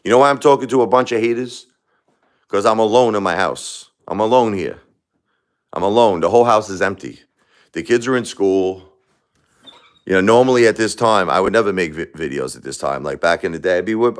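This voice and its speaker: Man, 40s, very deep voice, grieving live-stream host, rambling and confessional. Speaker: livestream host. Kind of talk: live-stream talk to viewers. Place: his home, alone.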